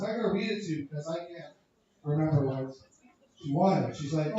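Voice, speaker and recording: Profane stand-up comic from Canada. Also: male voice, fairly high pitch, moderate pace, mellow. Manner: crude, profane, riffing with the crowd. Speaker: stand-up comedian. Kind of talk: stand-up set. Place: comedy club stage. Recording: echoey, dull club recording from far off.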